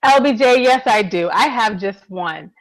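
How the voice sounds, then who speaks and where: A woman with a high voice chats eagerly as co-host of a TV recap show, turning often to her partner to share her thoughts. The sound is dry and close, with no room around her. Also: animated, measured pace, dry recording, rough recording. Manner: enthusiastic, keeps addressing her co-host. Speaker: podcast co-host. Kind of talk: casual TV recap chat.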